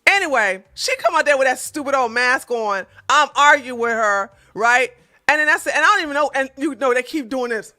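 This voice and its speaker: A woman vlogger telling a story to her viewers in a casual rant, animated and exasperated, talking straight to them. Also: high voice, a little fast.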